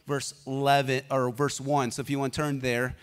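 A pastor giving a sermon in a casual, energetic way, telling personal stories and prompting the congregation to answer back. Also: male voice, mid-range voice, moderate pace, smooth, in a large hall.

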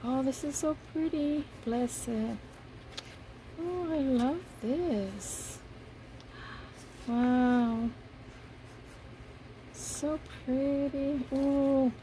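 A woman casually commenting as she unboxes craft gifts, softly gushing over each piece. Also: high voice, very slow, pauses often, a little hiss or hum, poor audio. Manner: gushing, soft-spoken, admiring each item. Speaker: paper craft vlogger.

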